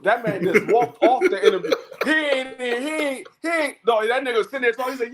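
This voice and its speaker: A man's voice: very high-pitched, a little fast, rough recording. A man co-hosting a casual boxing chat, often stammering on restarts and acting out what others said. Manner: stammering restarts, animated retelling. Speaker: co-host.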